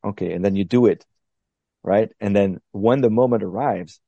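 A man's voice: fairly low pitch, normal speed, gravelly, no echo, dull audio. A man being interviewed on a podcast, explaining his methods in a thoughtful, step-by-step way with frequent restarts. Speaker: podcast guest, long-distance paddler. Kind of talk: reflective interview talk.

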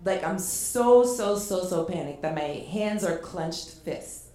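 A woman's voice: lowish voice, animated, takes it slowly, warm tone. A woman hosting a live comedy show, telling a self-mocking story with lots of filler words on stage. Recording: echoey live venue.

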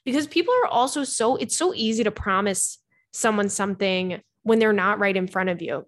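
A woman's voice: mid-range voice, a little fast. Frank, chatty young woman podcast host. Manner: chatty, frank, swears casually, calls listeners "girl". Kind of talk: casual advice chat reading listener messages. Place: home bedroom with cats.

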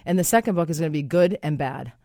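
A woman's voice: deep voice, fast, warm tone, no echo, clean studio sound. A woman with a Massachusetts accent hosting a radio sex-advice show, chatting and reading listener emails, often laughing and mock-indignant.

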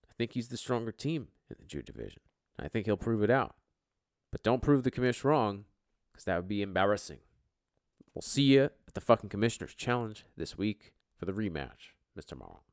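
A man hosting a casual podcast, his low voice swinging up and down with lively energy. He is brash and jokey and swears freely. The sound is close and dry, with no room around it. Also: a little fast, no echo. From US East Coast. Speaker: podcast host and league commissioner. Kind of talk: casual, profane commentary.

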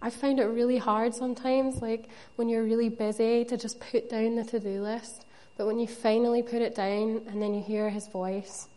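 A woman's voice: fairly high pitch, little pitch movement, normal speed, hardly any pauses, dark tone. A woman preaching a sermon, earnest and conversational, with playful asides to the congregation.

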